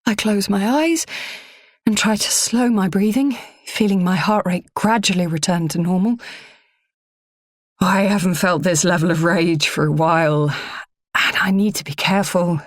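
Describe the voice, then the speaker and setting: A woman reading a first-person audiobook in a measured, low-key delivery. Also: no room sound, studio quality. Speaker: audiobook narrator.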